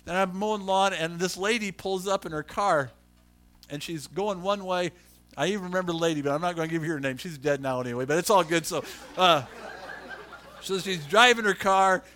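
A middle-aged male pastor delivers a storytelling sermon in a high, bright voice. He acts out the people in his stories with lively shifts of voice.

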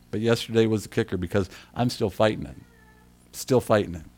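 A man, a middle-aged pastor, telling a personal story in his sermon, dropping to hushed asides and then building to loud, emphatic bursts, chuckling at himself along the way. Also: on the low side. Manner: self-deprecating, chuckles through his story.

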